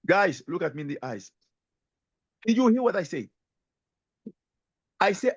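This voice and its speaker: Gravelly, emphatic male guest speaker. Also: sits high, measured pace, long pauses, no room sound. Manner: emphatic, animated storytelling, keeps addressing the host by name. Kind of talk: motivational sales talk. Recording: dull lo-fi audio.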